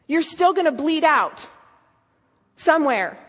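High-voiced woman preaching, echoing hall. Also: lively intonation, measured pace. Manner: earnest, storytelling, emphatic questions. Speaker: speaker. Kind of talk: sermon. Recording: long hall reverb.

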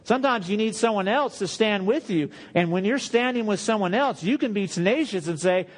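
Man, high voice, preaching, casual sermon, acts out quotes, laughs often. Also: animated, brisk, few pauses.

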